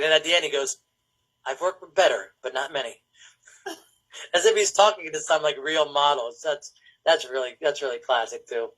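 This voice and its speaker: A man hosting a casual film podcast with a fairly high voice. He rambles and laughs a lot. He often drops into a put-on voice to quote movie lines. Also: fairly bright tone, poor audio. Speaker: podcast host.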